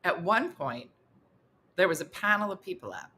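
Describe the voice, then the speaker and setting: A woman comedian and host telling a funny story with animated exasperation. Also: fairly low pitch, normal speed. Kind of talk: comic storytelling.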